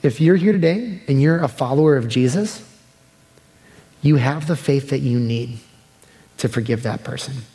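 A pastor preaching a sermon in a relaxed, conversational way that turns soft and earnest. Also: male voice, mid-range voice, normal speed, pauses often. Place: church sanctuary. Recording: long hall reverb.

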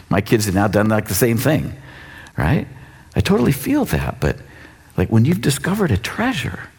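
Animated, husky-voiced man preaching. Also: medium pitch. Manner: casual, animated preaching with acted-out quotes. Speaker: pastor. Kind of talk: sermon.

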